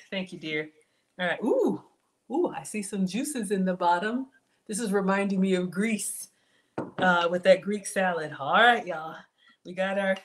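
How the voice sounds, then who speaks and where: A woman's voice: medium pitch, fairly bright tone, a little hiss or hum. A woman chatting through a live cooking stream from her home kitchen, reading viewers' comments aloud and talking to them by name. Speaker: cooking channel host.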